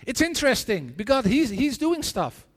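High-pitched guy preaching, halting, keeps restarting, big echoey hall. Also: big pitch swings. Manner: earnest, halting storytelling with frequent restarts and repeated words. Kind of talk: sermon with personal stories and prayer. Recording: long reverb of a large hall.

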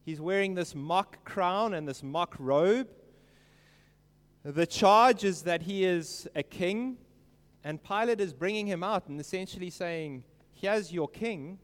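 A man preaching an earnest sermon, stressing quoted lines slowly and emphatically. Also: high-pitched, clear, resonant tone, in a large hall.

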